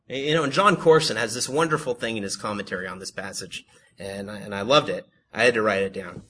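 A Bible teacher with a fairly low, slightly rough voice reads scripture aloud and comments on it at a brisk pace, his tone sharp. His reading is plain, and he often corrects himself and stammers through filler words.

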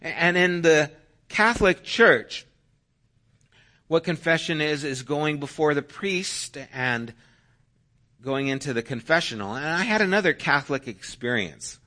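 Male pastor, middle-aged, bright forceful tone, chatty storytelling sermon. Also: on the high side, lively intonation, measured pace. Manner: conversational, anecdotal, with self-deprecating humor.

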